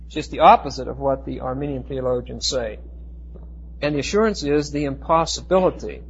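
A man teaching a Bible class, explaining Greek words with emphatic, slowed stress and frequent restarts. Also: medium pitch, vocal fry, slightly rough. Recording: dull lo-fi recording.

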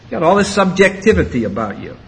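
Emphatic preacher man, slightly high voice. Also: sing-song, fast, poor audio. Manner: emphatic, rising to loud exclamations. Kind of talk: expository sermon.

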